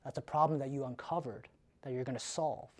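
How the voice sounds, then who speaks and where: A man giving a live sales training in a casual, energetic way, often tagging his points with "right?". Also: medium pitch, brisk.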